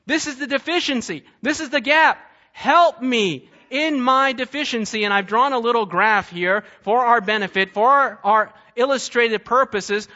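Guy preaching a sermon, really high voice, kinda muffled lo-fi recording, keeps asking "right?". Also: pushed and bright. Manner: emphatic teaching with rhetorical questions. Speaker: pastor.

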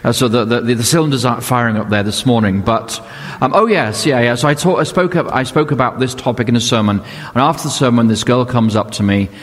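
A man's voice: medium pitch, fairly quick, hardly any pauses. An older man preaching a sermon as a pastor, telling stories and asking rhetorical questions in a conversational way. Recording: long hall reverb.

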